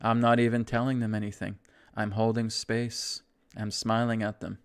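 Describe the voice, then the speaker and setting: A man teaching a spiritual self-help lesson, guiding breathing in a slow, soothing way and often checking in with "right?". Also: fairly low pitch, little pitch movement, clear, resonant tone. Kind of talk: guided self-help talk.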